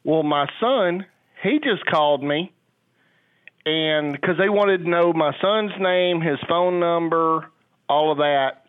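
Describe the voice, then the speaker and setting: A man's voice: on the high side, slow pace, smooth, no echo. An older man on a phone call, a father who talks in a rambling, hesitant way with many fillers. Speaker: caller, a father. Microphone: telephone. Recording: tinny phone line.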